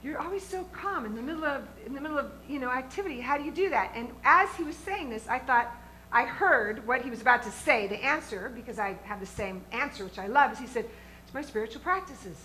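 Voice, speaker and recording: A woman minister preaches in a high, bright voice. She is earnest and emphatic, and she often stops to ask her congregation questions. She is speaking in a church sanctuary. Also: lively intonation, a little fast, a little hiss or hum, low-quality recording. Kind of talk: sermon.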